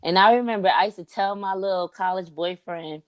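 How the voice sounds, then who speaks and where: A young woman co-hosting a podcast, telling stories in a casual, animated, slangy way. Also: mid-range voice, fairly quick, clean tone, dry recording. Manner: animated storyteller, slangy, says "like" and "bro" often. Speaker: podcast co-host. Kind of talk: casual chat.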